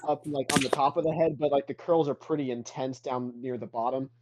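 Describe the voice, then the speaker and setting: A man's voice: mid-range voice, steady tone, a little fast, background noise. A man playing a tabletop role-playing game, chatting casually and rambling with lots of "like.". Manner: rambling, full of "like" and restarts. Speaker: player.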